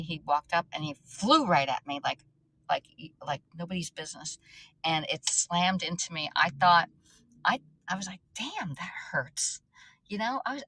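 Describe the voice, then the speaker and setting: A woman's voice: lowish voice, sharp tone, a little hiss or hum, rough recording. A woman chatting on a casual livestream, rambling and restarting often as she answers viewer comments. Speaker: livestream host.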